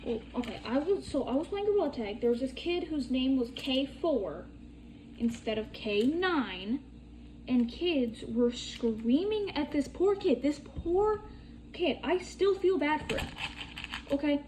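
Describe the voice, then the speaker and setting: Young woman vlogger, slow and chatty, slightly high voice, faint background hiss. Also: animated, a little mellow. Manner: chatty, swears casually, rambling storytelling. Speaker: crafting tutorial vlogger. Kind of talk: casual chat while demonstrating bead crafting.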